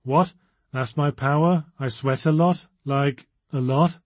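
A man's voice: medium pitch, slow, no echo, natural voice. A man voicing a nervous, awkward teenage schoolgirl who rambles in a quivering way. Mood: distracted.

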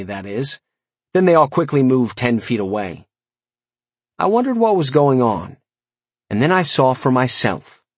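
A man's voice: mid-range voice, slightly rough, no room sound. A man narrating a first-person fantasy audiobook in a wry, conversational way.

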